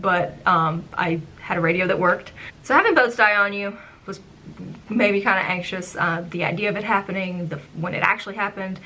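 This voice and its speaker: A young woman in her twenties with a medium-pitched voice tells casual vlog stories about her old job guiding a theme park ride. Chatty and animated, she acts out how she reacted then and often says "like" and "um," with slight background noise.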